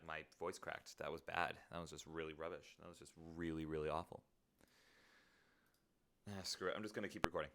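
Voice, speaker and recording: A man's voice: a bass voice, fairly even intonation, brisk, long pauses, fairly bright tone. A man streaming live in casual chat, rambling in a playful, self-deprecating way.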